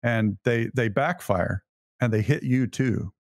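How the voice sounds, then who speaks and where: A man's voice: mid-range voice, unhurried, no echo, studio quality. A middle-aged man co-hosting a faith podcast, telling a personal story in an earnest, reflective way. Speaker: podcast co-host.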